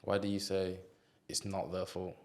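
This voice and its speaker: A man's voice: low voice, completely flat delivery, normal speed. A man hosting a podcast, asking short, probing questions. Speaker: podcast host. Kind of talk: casual podcast interview.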